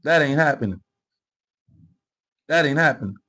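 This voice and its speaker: A man's voice: on the high side, animated, moderate pace, pushed and bright, rough recording. A man hosting a live commentary stream, ranting in a heated, profane, repetitive way and reading out viewer comments. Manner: reads viewer comments aloud. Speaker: livestream commentary host.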